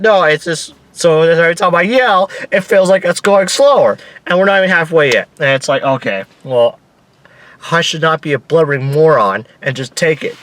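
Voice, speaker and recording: A young man casually telling a story in an excitable, animated way, swearing now and then and acting out his own screams. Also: fairly high pitch, normal speed, dry recording. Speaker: vlogger.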